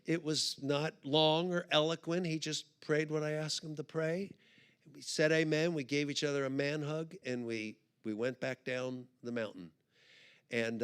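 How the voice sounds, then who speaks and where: A man giving a storytelling sermon at a live conference, animated and comic, acting out the people in his story. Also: mid-range voice, smooth. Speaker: conference speaker. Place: live conference stage before an audience.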